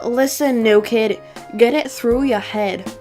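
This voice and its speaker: A woman's voice: a little high, slow pace, mellow, faint music behind. A woman voicing a smug, sarcastic male cartoon rabbit in a dating game, reading his lines in a drawling, mocking way. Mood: impatient.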